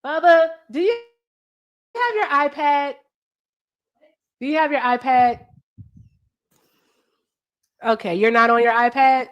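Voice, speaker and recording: Speaking slowly with long pauses in a high voice, this woman runs a casual livestream chat, needling callers with blunt, teasing questions and addressing viewers directly. There's no room sound, and the high frequencies are cut off.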